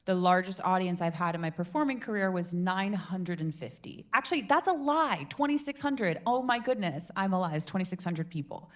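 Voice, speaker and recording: A woman in her twenties hosting a public speaking meetup, telling stories to a live group in a theatrical, animated way. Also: a little fast, hardly any pauses. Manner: animated, theatrical storyteller with big swings in pitch and volume. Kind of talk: lively workshop talk to a live group.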